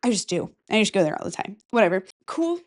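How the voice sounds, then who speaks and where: A woman's voice: mid-range voice, sing-song, fast talker. A young woman from Michigan hosting a casual solo podcast, nasal and stuffy from a cold, rambling and giggling at herself at her desk mic. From Michigan, USA. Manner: rambling, giggly, self-mocking. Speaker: podcast host. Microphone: desk microphone.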